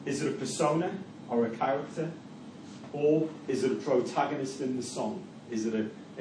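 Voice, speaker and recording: A man's voice: mid-range voice, moderate pace, noisy background. A man teaching a class about songs, putting a string of rhetorical questions to his listeners. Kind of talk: lecture on analysing songs. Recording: echoey room, mic from far off.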